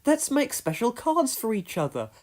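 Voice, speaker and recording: A woman voicing a big, gentle male bear who speaks calmly and kindly in a storybook read-along. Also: fairly high pitch, normal speed, voice pushed up. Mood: friendly.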